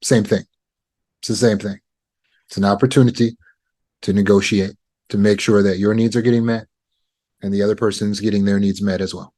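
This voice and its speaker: Man, lowish voice, calm measured coaching talk, deliberate pauses. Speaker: trauma recovery coach. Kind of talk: teaching talk on negotiation.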